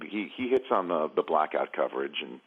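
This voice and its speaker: A man's voice: rumbling low, very animated, brisk, slightly rough, phone-quality sound. A man joking around as a radio show guest, rambling with many restarts. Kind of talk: casual radio chat.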